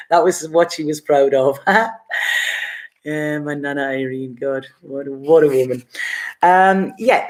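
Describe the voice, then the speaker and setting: A woman giving a casual live-stream tarot reading, chatty and rambling, laughing often between thoughts. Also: sits low. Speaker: tarot reader.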